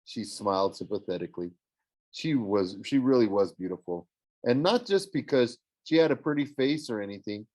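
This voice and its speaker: A man narrating a first-person fantasy novel as an audiobook reader, in an even storytelling manner. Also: on the low side, normal speed, no room sound.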